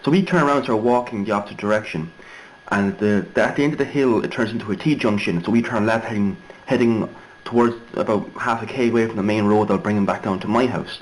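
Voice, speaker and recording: A man's voice: lowish voice, fast, a little hiss or hum, low-quality recording. A young Irishman telling a story casually, rambling and digressive with many fillers and restarts. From Ireland. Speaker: vlogger.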